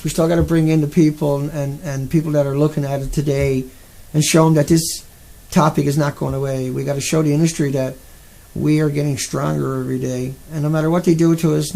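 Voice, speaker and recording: A man's voice: on the high side, gravelly, dark tone. A man hosting a live stream, talking casually and agitatedly, repeating himself and answering his chat. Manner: agitated, repetitive, talks back to chat.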